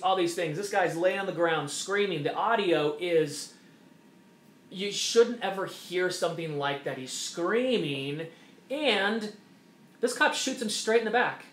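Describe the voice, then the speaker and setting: A man's voice: high-pitched, a little slow, fairly bright tone. A man hosting an opinion monologue, talking emphatically and repeating his points. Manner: emphatic, repetitive, mocking quoted voices. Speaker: host. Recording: echoey room.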